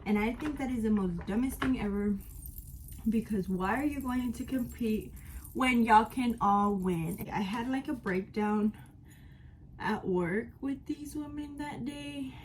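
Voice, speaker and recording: A woman in her twenties vlogs at home while getting ready, giving a candid life update to camera. Her voice is on the high side and a little slow, and the low-quality recording has slight background noise. She tells her story frankly, with emphatic, casual talk.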